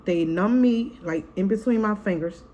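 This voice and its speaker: A woman's voice: medium pitch, normal speed, warm tone, dull audio, slight background noise. Chatty, blunt woman telling a storytime. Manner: chatty, frank and profane, keeps calling to viewers as "y'all" and "girl"; re-enacts scenes vividly in the retelling. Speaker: family vlogger, mother. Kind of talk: casual storytime vlog.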